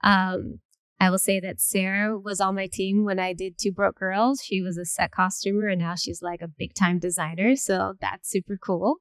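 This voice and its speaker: A woman moderating a panel who tells stories in a chatty, lively way with many fillers. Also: mid-range voice, moderate pace, clear, resonant tone, no echo. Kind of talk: panel storytelling.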